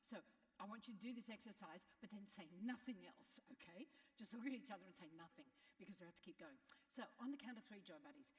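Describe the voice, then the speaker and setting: A woman giving a motivational keynote, animated and coaxing with her audience. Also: medium pitch, quick pace. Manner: animated, coaxing and playful with the crowd. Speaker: keynote speaker. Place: large conference hall. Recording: live hall with long reverb.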